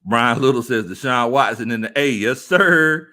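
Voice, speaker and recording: A man hosting a casual sports talk stream, reading viewer comments aloud and laughing often. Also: fairly quick. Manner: animated, laughs often, jumps into high-pitched squeals. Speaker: sports talk show host.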